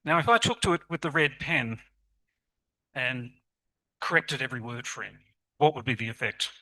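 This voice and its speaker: A man giving a lively, encouraging conference talk to teachers and asking the audience questions. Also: mid-range voice, moderate pace, poor audio. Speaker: conference presenter on literacy teaching.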